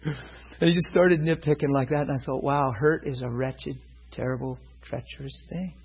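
A man's voice: medium pitch, steady tone, normal speed, a little mellow, slightly rough, poor audio. A man preaching, retelling a personal story in dialogue and turning it into a lesson, often checking that his listeners follow. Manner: retells a personal story, quoting both sides; asks listeners if they follow. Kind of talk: sermon storytelling.

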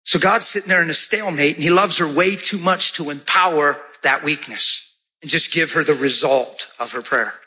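A man preaching a sermon, telling a story with lively, animated delivery and jumping into high-pitched voices for the people in it. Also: normal speed, slightly rough. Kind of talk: sermon with testimony.

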